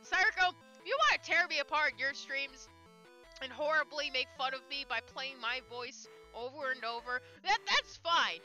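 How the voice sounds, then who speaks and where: A woman's voice: high voice, moderate pace, pushed and bright, faint music behind. A woman streaming from home, chatting casually with her chat, teasing friends and giggling.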